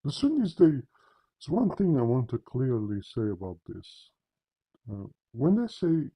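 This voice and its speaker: A man delivers a confrontational religious polemic straight to camera, addressing listeners directly with emphatic, repetitive wording, repeated words, and frequent restarts. His fairly high voice swings hugely in pitch at a measured pace, warm and husky with vocal fry, though the audio is poor.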